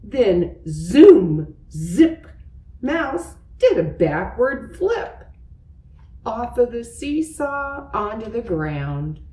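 Slow, expressive woman reading aloud. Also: fairly high pitch, far from the mic. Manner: slow, expressive, with sound effects. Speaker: storyteller. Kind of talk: reading a picture book aloud. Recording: roomy, away from the mic.

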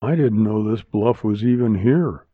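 A skeptical, grumbling man voiced by a male narrator mutters in a low voice. The recording is narrow and phone-like, and completely dry. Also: measured pace, dry recording. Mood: muttering. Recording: tinny phone-like dry sound.

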